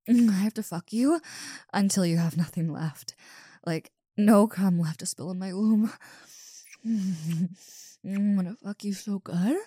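A woman's voice: medium pitch, warm tone, breathy edge, dry recording, studio quality, full character voice. A woman voicing a big, muscular wolf monster girl who stammers, swears and talks bluntly in an audio role-play. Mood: lustful.

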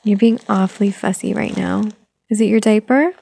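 A woman playing a gentle, patient young mother who softly coaxes her toddler, in a whispered role-play. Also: medium pitch, fairly even intonation, moderate pace, gravelly, husky. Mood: soothing. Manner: soft, coaxing, motherly.

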